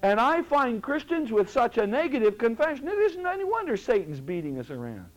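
A man preaching a sermon as pastor, impassioned, swinging from loud exhortation to hushed, low tones. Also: very animated, brisk, low-quality recording.

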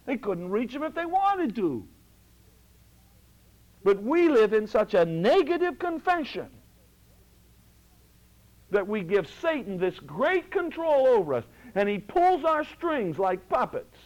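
A man preaching from the pulpit with a high, lively voice. He swings between ringing exhortation and hushed, low asides, and his pitch leaps up and down all the time. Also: slow pace, pauses often, rough recording. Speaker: pastor. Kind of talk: sermon.

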